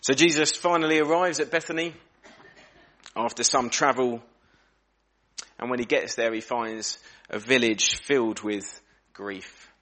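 A man preaching a sermon in a church, earnest and reflective, slowing down and dropping his voice for emphasis. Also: medium pitch, fairly bright tone. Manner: earnest, reflective, varies pace and volume for emphasis.

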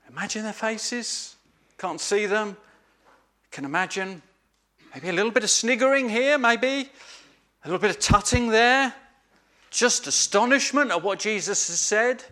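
A man gives an earnest sermon, slowly repeating his key phrases for emphasis. His voice sits a little high and sounds bright and clear. He speaks at an unhurried pace, with small restarts along the way. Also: expressive. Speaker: preacher.

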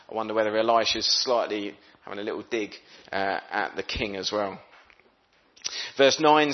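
A man's voice: lowish voice, steady tone, normal speed, lo-fi sound. A man preaching a sermon, reading scripture aloud and talking it through in an easy, conversational way, sometimes voicing what the characters think. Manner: conversational, voices characters' thoughts.

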